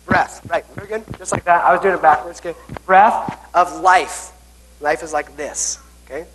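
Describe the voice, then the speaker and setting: A man's voice: fairly high pitch, fast, a bit bright, slight background noise, poor audio. A young man, a pastor, giving a children's message in church, coaxing the kids through hand signs and checking in with "okay?" again and again. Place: church sanctuary.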